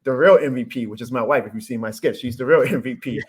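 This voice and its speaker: This guest content creator, a man in his thirties from New Orleans, talks fast in a husky, medium-pitched voice with a thick New Orleans accent. On a casual podcast he tells stories in an animated, upbeat and earnest way.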